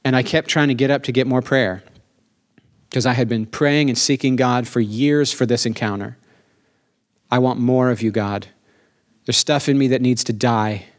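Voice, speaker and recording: Animated male pastor preaching a sermon. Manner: animated, emphatic, asks the congregation for amens; slows down for emphasis, rising pitch on key lines.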